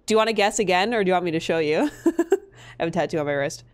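A young Minnesota woman streams, giving casual gameplay commentary in a lowish voice at a rapid-fire clip. She's chatty, swears freely, and laughs often.

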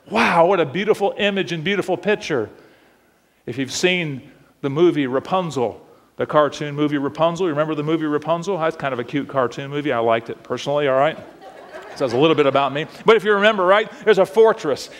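A man preaches from the pulpit in a high, ringing voice. He drops to a hush and then climbs to shouts. His words trail off into the long echo of a church sanctuary. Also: fairly quick. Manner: preaching with big swings from hushed to shouting. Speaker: pastor. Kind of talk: sermon. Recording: long reverb of a church hall.

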